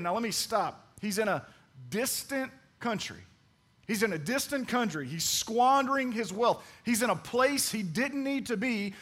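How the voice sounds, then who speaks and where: A man preaching a sermon in a drawl, his voice sitting high for a man. He keeps turning to the congregation, calling for answers and acting out the people in his stories. The delivery is lively and theatrical. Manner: preaching with call-and-response to the congregation; dramatic, acts out quoted voices. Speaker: pastor.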